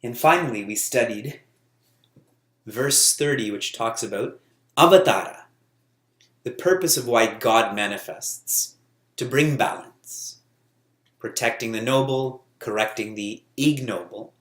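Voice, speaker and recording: A man giving a spiritual talk as a teacher, lively and often laughing as he tells stories. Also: medium pitch, measured pace, pauses often, roomy sound.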